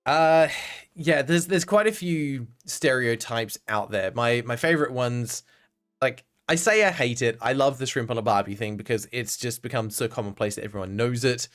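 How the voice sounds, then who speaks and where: A man's voice: mid-range voice, moderate pace, fairly bright tone. Chatty Australian man streaming. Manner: chatty, laughs often, answers chat. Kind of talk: casual live-stream chat.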